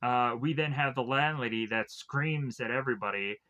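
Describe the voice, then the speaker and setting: Rambling man with a bright voice. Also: medium pitch, moderate pace, muffled recording. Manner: rambling, filler-heavy with constant "like" and "uh". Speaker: film reviewer. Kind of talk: casual spoken plot recap.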